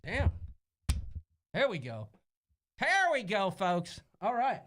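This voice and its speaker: A Midwestern American man co-hosting a casual live-stream chat, jokey and animated, reading out viewer comments. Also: sits high, slow. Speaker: co-host.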